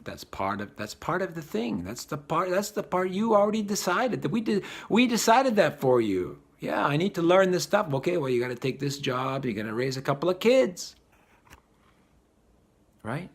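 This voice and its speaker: A man giving a spiritual talk, animated and acting out the voices of the people he describes. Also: on the high side, moderate pace. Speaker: spiritual teacher.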